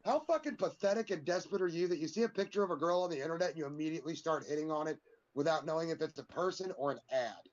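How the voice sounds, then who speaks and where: A man's voice: a little high, expressive, very fast. A man co-hosting a casual wrestling chat podcast, ranting in a heated, profane way. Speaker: podcast co-host. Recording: dull lo-fi sound.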